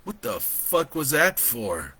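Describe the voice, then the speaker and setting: A man's voice: medium pitch, huge pitch swings, takes it slowly, bright, forceful tone, husky, pitched above the performer's own voice, exaggerated voice. A man voicing a hungover, foul-mouthed grown man who swears and stammers in panic. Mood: exasperated.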